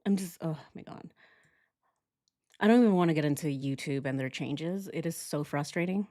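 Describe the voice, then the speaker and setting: A woman hosting a casual true crime livestream, reacting with animated, sarcastic commentary and frequent laughter. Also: sits low.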